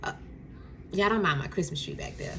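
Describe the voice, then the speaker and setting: Animated young woman telling a story. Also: on the low side, brisk, noisy background. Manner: animated, acts out quotes, laughs often, addresses viewers as y'all. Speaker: storytime vlogger. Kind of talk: casual storytelling to camera. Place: home room with a Christmas tree.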